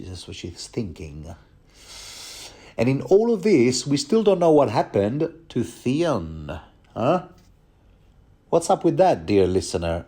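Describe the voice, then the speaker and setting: A man with a fairly low, mellow voice hosts a loose book commentary. He rambles in a jokey way and throws in casual asides to the listener. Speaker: podcast host.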